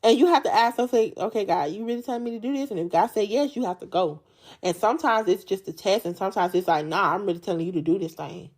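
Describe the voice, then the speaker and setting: Lively, animated woman preaching casually. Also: medium pitch, fast talker. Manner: animated, jokey and chatty, often laughing; uses slangy casual speech. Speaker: Bible study podcast host.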